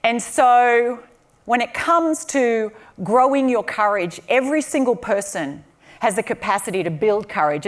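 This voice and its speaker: An Australian woman giving a keynote speech to a live audience, telling stories with humor and energy. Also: a little high. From southern Australia. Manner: lively, humorous storytelling to an audience. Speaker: keynote speaker. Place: conference venue with a live audience.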